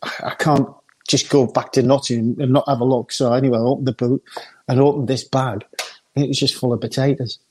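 An older man, telling a lively football anecdote and often laughing. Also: mid-range voice, brisk, slightly rough. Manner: laughs often, lively storyteller acting out others. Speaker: former footballer guest.

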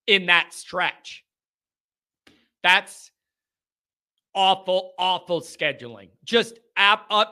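Casual sports talk from a man who hosts a podcast: he walks through his predictions with emphasis, strong opinions and plenty of sarcasm. His high voice sounds pushed and bright yet smooth.

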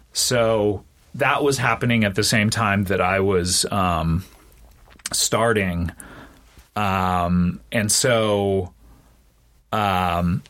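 A middle-aged man with a lowish voice, a guest talking casually on an interview show. He tells stories at an easy pace, with plenty of fillers and false starts. Now and then he mimics other people in a much higher voice. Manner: relaxed storyteller with many fillers, mimics others in high voices. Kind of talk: casual chat, telling anecdotes.

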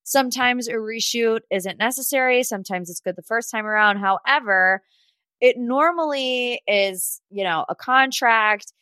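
A woman's voice: a little high, measured pace, pushed and bright, smooth, no room sound. A woman hosting a casual reality TV recap, sassy and gossipy, chatty and full of "like". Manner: sassy and gossipy, talks straight to people she discusses; chatty, with frequent "like" and laughs. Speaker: podcast host.

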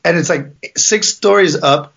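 High-voiced man telling profane stories. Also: unhurried, gravelly, a bit bright, breathy edge. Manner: profane storyteller, acts out people in bursts. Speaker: podcast co-host. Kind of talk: casual comedy podcast chat. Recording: dull lo-fi sound.

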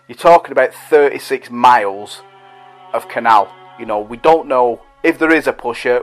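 A middle-aged man who hosts a podcast and reads out listener messages in a chatty, rambling, self-deprecating way. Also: medium pitch. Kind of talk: casual monologue.

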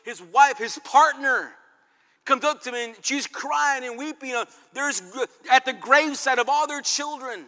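A man preaching a fervent sermon, swinging between loud calls and quiet passages. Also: very high-pitched. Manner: fervent, dramatic swings in loudness. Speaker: pastor. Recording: long reverb hall.

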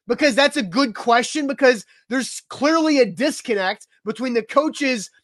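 A man's voice: extremely high pitch, normal speed, a bit bright, dry recording, clean studio sound. A man co-hosting a sports talk show, building his argument step by step. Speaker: podcast co-host.

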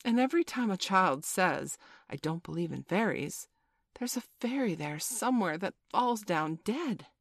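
A woman reading a storybook aloud, voicing a merry, boastful young boy in a raised, lively voice. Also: mid-range voice, moderate pace, no room sound, studio quality, voice pushed up. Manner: bright boyish storybook voice, lively and proud.

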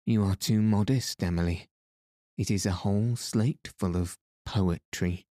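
A man's voice: lowish voice, a little slow, warm tone, no echo, clean studio sound, lightly acted. A man voicing a cruel, mocking female schoolteacher in a storybook reading, with jeering, taunting emphasis.

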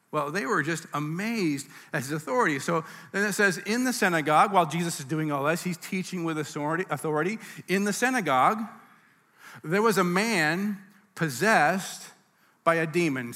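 A man's voice: a little high, pushed and bright. A man preaching a sermon as pastor, in a conversational teaching manner with asides and restarts. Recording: reverberant hall.

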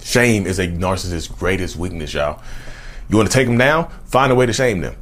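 A man's voice: lowish voice, expressive, a little fast. A man talking on his own channel, a casual monologue with a repetitive, preachy delivery that keeps calling viewers y'all. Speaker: channel host.

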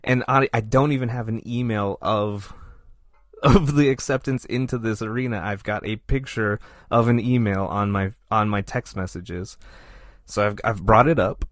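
Animated man telling a story. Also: fairly low pitch, moderate pace, no echo, clean studio sound. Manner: animated, self-deprecating anecdote telling. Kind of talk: casual storytelling.

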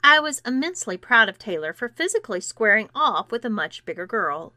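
A woman narrating a first-person story in an expressive, animated reading. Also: on the high side, fairly quick, hardly any pauses, no echo.

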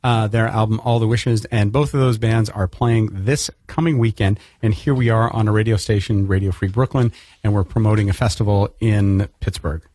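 A man's voice: lowish voice, fairly even intonation, moderate pace, few pauses, a little mellow, no echo. A man from Canada hosting a casual radio interview in a studio, jokey and chatty. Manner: jokey, chatty, laughs often. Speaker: radio host.

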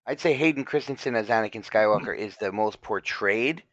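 A man's voice: fairly low pitch, fairly quick, a bit bright, no echo. A man chatting casually as a podcast co-host, blunt, emphatic and profane. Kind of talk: casual chat. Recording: dry, slightly dull lo-fi sound.

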